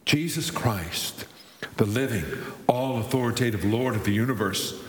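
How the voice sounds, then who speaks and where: A man's voice: mid-range voice, moderate pace, a little hiss or hum. A male pastor preaching a sermon, often restarting his phrases, then building to emphatic lists. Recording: echoey hall with long reverb.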